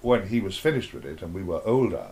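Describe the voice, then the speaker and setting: A man's voice: deep voice, very animated, quick pace, darkish tone. An older man being interviewed, telling rambling, playful stories with sudden dramatic outbursts. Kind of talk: casual interview chat.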